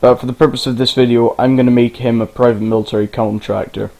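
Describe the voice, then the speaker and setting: A man talks through a game tutorial in a loose, rambling way. He wanders off track and swears now and then. His pitch sits in an ordinary middle range. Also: level tone, quick pace, creaky, a little mellow, low-quality recording. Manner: rambling, informal, swears casually. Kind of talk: casual screen-recorded game tutorial.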